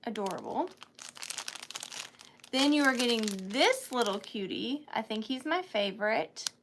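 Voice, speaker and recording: A woman's voice: a little high, animated, measured pace, background noise. A woman hosting a live online sale of vintage items, chatting casually and gushing over each piece. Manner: chatty and gushing, calls items little cuties.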